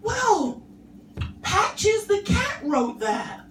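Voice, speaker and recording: Woman doing an earnest English toddler boy, high and pleading, echoey room. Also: big pitch swings, drawn-out words, far from the mic, slight background noise, full character voice. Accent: London English. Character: little boy aged three, innocent and earnest.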